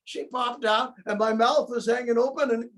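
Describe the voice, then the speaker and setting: On a video call, a man with an extremely high pitch narrates at a moderate pace as the wolf, in the first person. He takes an aggrieved, put-upon tone and voices the characters with plenty of life.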